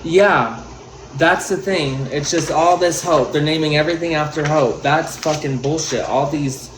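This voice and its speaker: A man's voice: a little high, measured pace, background noise. A man giving an angry, profane commentary rant on a livestream. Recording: roomy echo.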